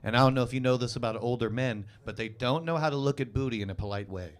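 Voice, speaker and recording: A man in his twenties hosting a live stand-up comedy show on a club stage, doing self-mocking, deadpan crowd work into a handheld mic. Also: medium pitch, fast talker. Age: 20s.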